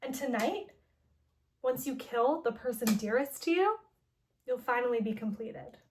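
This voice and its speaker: A gleeful, taunting villain who treats cruelty as art , retold by a woman in her own casual voice. The delivery is loose and chatty, peppered with "like", and sits high in pitch. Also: lively intonation, unhurried, slight background noise. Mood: mocking. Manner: casual paraphrase full of "like". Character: taunting male mad-scientist villain.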